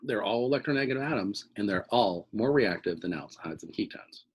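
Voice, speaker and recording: Husky-voiced male chemistry lecturer. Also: on the low side, lively intonation, brisk, poor audio. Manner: explanatory, checks in with frequent "okay?". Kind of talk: recorded classroom lecture.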